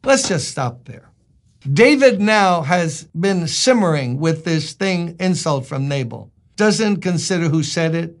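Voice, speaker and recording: A man's voice: fairly high pitch, lively intonation, measured pace. A male pastor preaching a sermon in an emphatic, conversational way, asking his listeners rhetorical questions.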